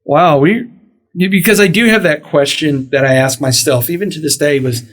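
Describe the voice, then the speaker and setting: Speaking at a fairly high pitch and moderate speed, a middle-aged man hosts a podcast. His long, casual story comes alive as he voices the quoted lines of everyone involved.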